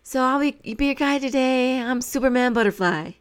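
A woman's voice: medium pitch, fairly quick, darkish tone, close to an everyday voice. A woman quoting a flamboyant upbeat guide. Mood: cheery greeting. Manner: upbeat, cheerfully commanding. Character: excited flamboyant confident male waterfall guide.

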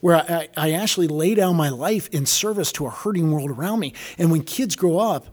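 A man's voice: a little high, lively intonation, a little fast. A man hosting a faith conversation, reflective and affirming.

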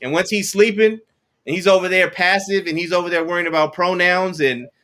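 A man's voice: high-pitched, a little fast, sharp tone. A man speaking as a podcast guest in casual chat, often stumbling over and repeating words as he tells his stories. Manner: stammering repetitions, conversational storytelling.

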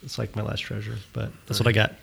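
A man's voice: lowish voice, monotone, fast talker, vocal fry, a bit bright, husky. A man co-hosting a casual movie podcast in an easygoing, joking way. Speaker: podcast co-host. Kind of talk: casual movie review chat.

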